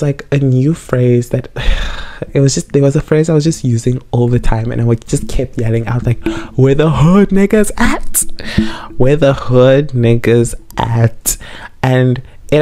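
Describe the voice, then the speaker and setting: A man's voice: medium pitch, mellow. A young man in a casual storytime chat, a bit tipsy from wine, rambling and repeating himself as he tells the story. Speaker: vlogger.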